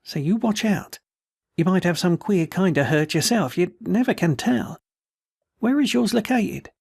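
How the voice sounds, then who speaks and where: Man putting on a wounded tattered soldier, twang, slurred and pleading, higher voice, gravelly. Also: lively intonation, unhurried, a little mellow, no room sound, heavily acted. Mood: worried. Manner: folksy, pleading, words slurred.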